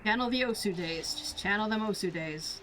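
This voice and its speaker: A woman's voice: mid-range voice, moderate pace, fairly bright tone, slight background noise. A woman streaming a game, reacting with casual, exclamatory commentary and some swearing.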